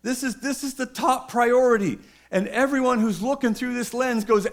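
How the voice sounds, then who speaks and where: A man's voice: very high voice, normal speed. A man preaching a sermon with humor and emphatic repetition.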